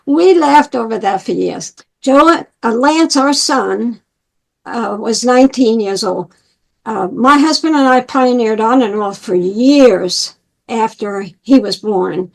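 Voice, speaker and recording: A woman's voice: on the high side, creaky, low-quality recording. A woman in her eighties from New York, telling her life story and acting out the voices of people she quotes. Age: 80s. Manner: animated, acts out quoted dialogue. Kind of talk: personal storytelling.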